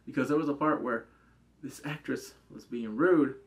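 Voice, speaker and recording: Hosting his own channel, a man with a medium-pitched voice chats through a drama review at a moderate pace. He's animated and chatty, acting out scenes in put-on voices and leaning on lots of "like" fillers.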